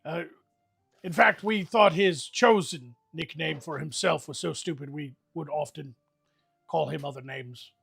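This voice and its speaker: A man hosting a livestream fantasy role-play, delivering a rambling, mock-solemn eulogy with animated comic timing. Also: a little high, measured pace, creaky, breathy edge, soft background music. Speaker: host leading an improvised fantasy guild meeting.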